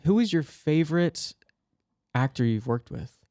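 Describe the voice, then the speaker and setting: A man's voice: on the high side, expressive, unhurried, mellow. Man, podcast host, casual interview, rambling, hesitant, restarts questions.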